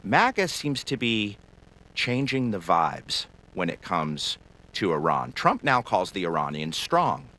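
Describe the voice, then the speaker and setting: A man's voice: deep voice, very animated, slow, bright, forceful tone. A man hosting a political news panel, reading scripted news and putting questions to panelists. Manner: crisp, scripted delivery that hands questions to panelists. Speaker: news show host. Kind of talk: broadcast news moderation.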